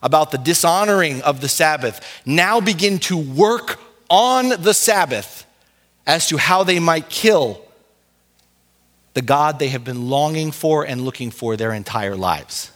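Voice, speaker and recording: High-voiced preaching man. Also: lively intonation, unhurried, a bit bright. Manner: impassioned preaching, rising and falling intensity; direct address to congregation as "beloved". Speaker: pastor. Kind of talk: sermon.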